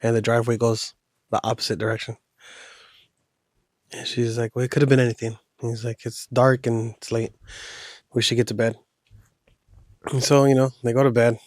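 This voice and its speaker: A man spins a spooky tale in a loose, rambling way, like chatting with a friend. His voice sits at a middling pitch and sounds dry and close, with no room around it. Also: level tone, normal speed, long pauses, darkish tone, dry recording. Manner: loose, rambling retelling with slang. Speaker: podcast host telling a horror story. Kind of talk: casual storytelling.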